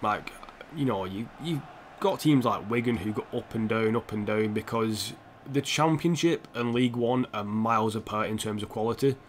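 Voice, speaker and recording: A man's voice: fairly low pitch, moderate pace, a little hiss or hum. A young man live-streaming a football game, rambling and opinionated, swearing freely as he plays. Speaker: gaming streamer.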